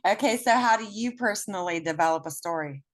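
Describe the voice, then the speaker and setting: A woman's voice: mid-range voice, lively intonation, fast. A woman hosting an interview, asking casual questions and laughing easily. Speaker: interview host.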